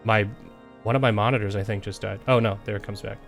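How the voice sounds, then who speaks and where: A man's voice: fairly low pitch, steady tone, quick pace, vocal fry, soft background music. A young man streaming a game, talking casually and rambling as he jokes about the story and mocks the characters' lines. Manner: rambling, joking, mocking imitations of characters. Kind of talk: casual gameplay commentary.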